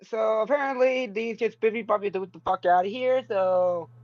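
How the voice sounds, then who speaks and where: A man's voice: high-pitched, moderate pace, no room sound. A man talks casually at a game table, often stopping and restarting mid-sentence. The audio is dull and lo-fi, and completely dry with no room sound. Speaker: player.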